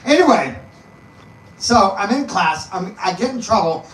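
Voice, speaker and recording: High-voiced man rambling through a comic story. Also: expressive, a little slow, a bit bright. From East Texas. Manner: loose and rambling, laughs through punchlines. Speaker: comedian guest. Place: live comedy venue. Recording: echoey room, mic at a distance, faint noise.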